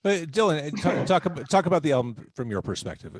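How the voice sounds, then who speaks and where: A man hosting a live podcast interview, asking quick, playful, teasing questions. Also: fairly high pitch, sing-song, over a noisy crowd. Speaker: podcast host.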